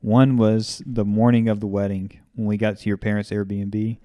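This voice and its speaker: A man's voice: lowish voice, little pitch movement, normal speed, warm tone, no room sound, studio quality. A young man casually telling anecdotes as a podcast co-host, easygoing and chatty. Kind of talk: casual storytelling.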